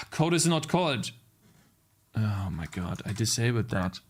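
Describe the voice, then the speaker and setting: A man's voice: fairly low pitch, sing-song, measured pace. A man live-streaming his coding, talking to his chat as "guys" and swearing aloud at his code in exasperation.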